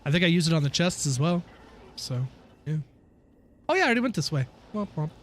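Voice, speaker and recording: A man's voice: a little high, very animated, brisk. A man streaming a video game, chatting casually with viewers, ranting and swearing freely and laughing at himself. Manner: reads and answers chat while playing. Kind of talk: casual live-stream chat.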